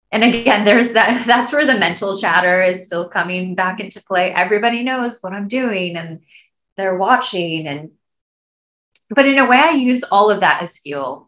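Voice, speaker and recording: A woman's voice: medium pitch, a bit bright. A woman in her thirties, an actress and guest, telling her story candidly in a podcast interview, tearful at times.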